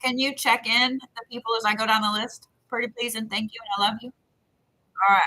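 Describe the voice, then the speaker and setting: A woman's voice: fairly high pitch, flat delivery, fairly quick, bright, forceful tone, low-quality recording. A woman giving intuitive readings to viewers on a live stream, talking in a rambling, repetitive, chatty way. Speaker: psychic reader.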